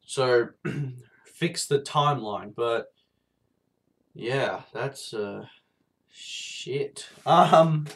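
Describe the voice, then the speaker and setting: A man's voice: mid-range voice, very slow, gravelly, long pauses. A man with a sore throat and a blocked nose, reviewing TV episodes in a casual, rambling way, full of fillers and swearing.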